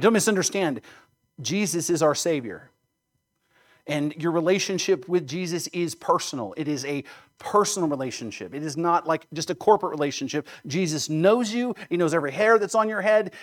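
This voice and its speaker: Pastor, male, slightly raised pitch, emphatic sermon delivery with rhetorical questions.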